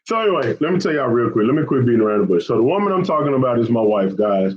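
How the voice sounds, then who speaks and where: A man's voice: mid-range voice, expressive, racing, muffled recording, slight background noise. A man hosting a fishing channel, chatting casually with viewers on a live stream. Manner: chatty, repetitive, often says man and y'all.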